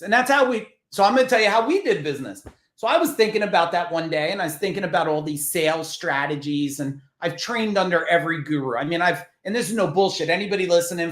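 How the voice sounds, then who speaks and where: Animated, profane New man. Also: a little high, reverberant. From New Jersey. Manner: animated, profane, acts out quoted voices. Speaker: podcast guest, business coach. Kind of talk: casual interview storytelling.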